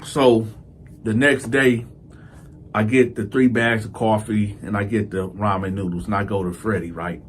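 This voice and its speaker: A man hosting his show, casually telling a prison story in an animated way, repeating key lines and speaking straight to his listeners. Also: lowish voice, normal speed, slight background noise.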